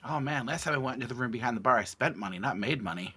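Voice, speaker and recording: A player in a tabletop game with a wry, deadpan manner in casual chat. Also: medium pitch, racing, breathy edge.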